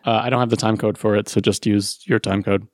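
A man's voice: on the low side, steady tone, quick pace, darkish tone, dry recording, clean studio sound. A man hosting a fan podcast in casual chat, easygoing and often laughing along. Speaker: podcast host.

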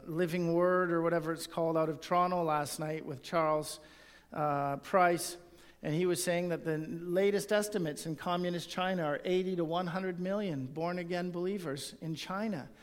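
A man's voice: fairly high pitch, long reverb tail. A male pastor preaching a sermon and reading scripture aloud, in an earnest tone.

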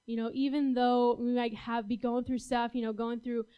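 A woman's voice: fairly high pitch, level tone, normal speed, smooth, dull audio. A young adult woman giving a casual, talk-style sermon as a youth speaker, chatty and full of "like"s, often laughing.

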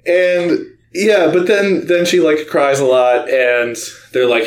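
A man's voice: medium pitch, animated, takes it slowly, echoey room, slight background noise. A man co-hosting a podcast, giving a chatty, sarcastic recap of a book's plot and laughing as he goes. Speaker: podcast co-host.

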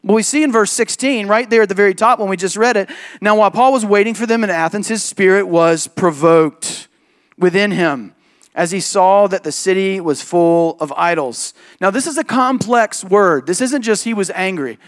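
High-voiced man preaching a lively sermon. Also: moderate pace. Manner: animated storytelling, jumps into voices of others, emphatic. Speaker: pastor. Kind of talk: sermon with personal story.

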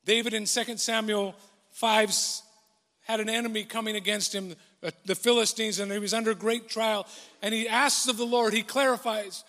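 A man preaching a sermon earnestly, moving between quiet reflection and emphatic, building declarations. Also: high voice, fairly even intonation, moderate pace, big-room sound. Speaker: pastor.

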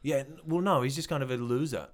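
A man's voice: mid-range voice, fast talker. A man co-hosting a comedic debate podcast in front of a live audience, joking and wisecracking. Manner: joking, wisecracking, acts out voices. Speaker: podcast co-host.

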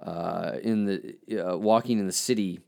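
A man telling a candid personal story as a podcast host, halting and reflective, often restarting his sentences. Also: sits low, creaky, a little mellow. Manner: frank, self-critical.

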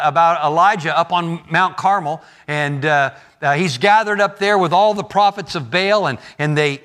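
A man preaching a sermon, telling a story in an animated way, often restarting and repeating words as he goes. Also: high-pitched.

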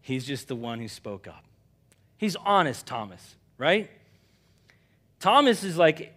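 A man preaching a sermon in an animated, conversational way, dropping quiet for emphasis. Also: fairly high pitch, takes it slowly, long pauses. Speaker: pastor.

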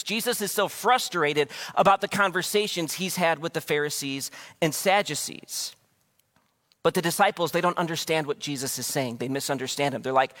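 A man's voice: fairly high pitch, moderate pace, a bit bright. A man preaching a sermon as pastor, talking conversationally and acting out the scriptures. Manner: conversational, acts out quotes.

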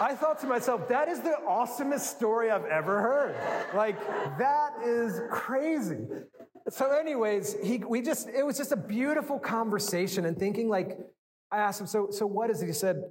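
A man preaching a sermon, telling a story in a conversational, animated way with many fillers and restarts. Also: on the high side, in a large hall. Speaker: pastor.

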